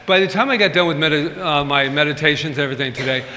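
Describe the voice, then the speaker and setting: Man, pastor, chatty informal sermon, humorous asides, forceful tone, faint room noise. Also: a little high, fast talker. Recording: reverberant hall, faint ambient noise.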